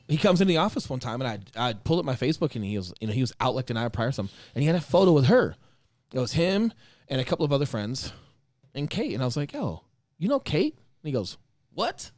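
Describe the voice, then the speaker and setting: A male podcast host telling a story in casual chat, animated, laughing often and swearing casually. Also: mid-range voice, dry recording, studio quality.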